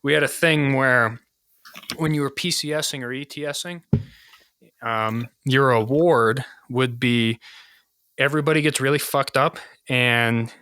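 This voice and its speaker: A man in his thirties from the United States hosts a casual podcast, spinning profane and animated stories. His voice is bright and forceful, and the sound is dry and close with no room around it. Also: medium pitch, measured pace, clean tone, dry recording. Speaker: podcast host.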